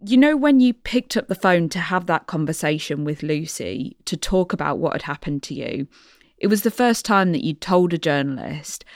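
A woman interviewer asking measured, thoughtful questions. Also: low voice, animated, no echo, studio quality.

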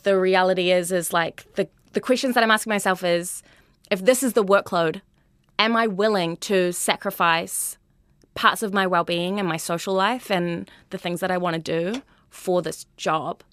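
Young Kiwi woman, twenties, teacher in a frank interview; lowish pitch, chatty, dry recording. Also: normal speed, a bit bright, no echo. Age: 20s. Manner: earnest, chatty, full of "like" and "you know". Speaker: high school teacher. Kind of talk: candid interview.

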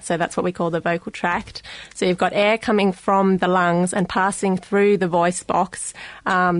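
An Australian woman talks on a radio science programme, recorded close and dry in the studio. Her voice sits a little low, and she explains step by step, filling pauses with ums. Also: dry recording. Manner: careful explaining with frequent ums. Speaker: guest speech scientist.

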